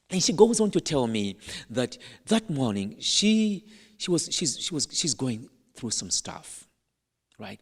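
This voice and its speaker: Animated African-accented priest preaching. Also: male voice, medium pitch, in a large hall. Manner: playful, humorous storyteller with dramatic pauses. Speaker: Catholic priest. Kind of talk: storytelling sermon.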